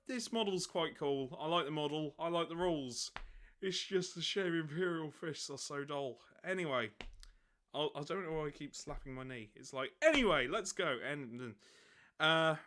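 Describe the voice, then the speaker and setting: A man's voice: on the high side, lively intonation, normal speed, a bit bright, a little hiss or hum. A man with a slightly raised voice, chatting alone about a hobby model. He rambles and keeps breaking into giggles mid-sentence. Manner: giggly, rambling, laughs often. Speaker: channel host. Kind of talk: casual solo commentary on a miniature.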